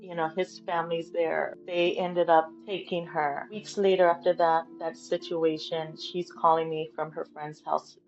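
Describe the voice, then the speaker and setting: A middle-aged woman speaks as an interview guest, telling an emotional family story and quoting the people in it. Her voice has a gravelly, creaky edge. The sound is muffled and lo-fi, with soft music underneath. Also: sits low, little pitch movement, a little slow, few pauses. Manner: emotional, retells conversations by quoting them.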